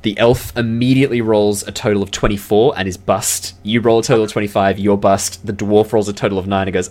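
Low-voiced male dungeon master. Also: fairly even intonation, a little fast, few pauses, a little mellow. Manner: rambling, filler-heavy description. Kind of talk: narrating a tabletop game.

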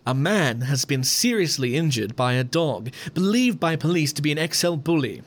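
A man putting on a British accent to play a formal male newsreader, reading slowly and evenly. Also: a little high, animated, natural voice. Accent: British, put on.

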